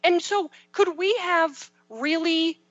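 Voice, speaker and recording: A woman in her thirties, a parenting and life coach, chatting with lively, animated storytelling. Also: extremely high pitch, slow, no echo, dull audio. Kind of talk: casual chat.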